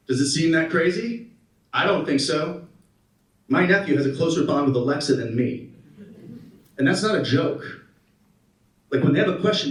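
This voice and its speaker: A man in his thirties giving a conference keynote, an animated storyteller who asks the audience questions. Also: medium pitch. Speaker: keynote speaker. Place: conference hall. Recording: roomy hall, mic at a distance.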